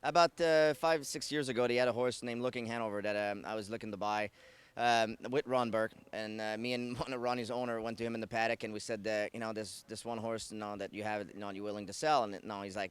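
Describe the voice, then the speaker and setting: A man's voice: lowish voice, steady tone, fast, clear, resonant tone. A man with a French-Canadian accent, a racing driver telling stories in a casual interview, rambling and correcting himself. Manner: rambling, self-correcting, many fillers. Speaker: harness racing driver, guest.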